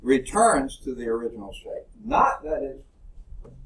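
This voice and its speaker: In a classroom lecture, a male college science instructor explains things step by step, often checking in with "okay?". His medium-pitched voice is sing-song and unhurried, heard from a distance with a roomy echo.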